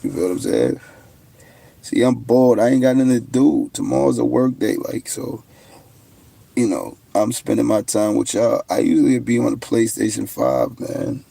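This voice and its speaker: A young man talks loosely to his viewers on a casual livestream, boasting and trash-talking. His voice is low, dark and gravelly, with a husky, rough edge. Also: animated, moderate pace, no echo. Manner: brash, boastful trash talk. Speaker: livestream host.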